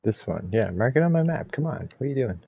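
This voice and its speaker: A man's voice: mid-range voice, sing-song, quick pace, creaky, husky, narrow, tinny audio. A man giving casual, chatty gameplay commentary as a let's play host, laughing often.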